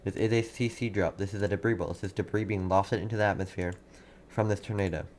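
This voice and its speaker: A man with a fairly low voice gives live severe weather commentary, urgent and repeating himself as he answers chat. He sits at a desk mic, and faint keyboard typing clicks along behind him. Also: fairly even intonation, fast talker, darkish tone, a little hiss or hum. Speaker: livestream weather host.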